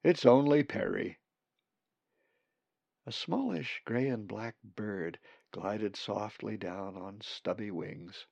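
Slow, gravelly male storyteller. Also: fairly low pitch, dry recording. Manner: slow, expressive. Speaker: audiobook narrator. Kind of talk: scripted narration. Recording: dull lo-fi recording.

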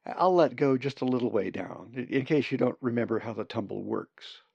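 A man's voice: mid-range voice, lively intonation, normal speed, gravelly, darkish tone, breathy edge, no room sound, muffled recording. A man voicing a playful young female raven in a storybook reading. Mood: playful, instructive. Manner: playful, cackling laugh.

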